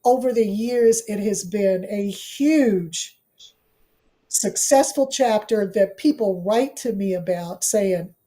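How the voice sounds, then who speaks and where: A woman's voice: mid-range voice, slow, mellow. A middle-aged woman from Washington, D.C., a law professor and author, telling her story in an interview, earnest and emphatic, repeating phrases for weight.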